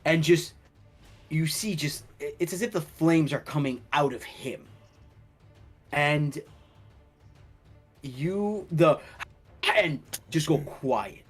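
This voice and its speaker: A young man running a tabletop game as dungeon master, telling the scene in an animated way and laughing often. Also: a little high, husky, faint music behind. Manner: slow, animated storytelling with laughter.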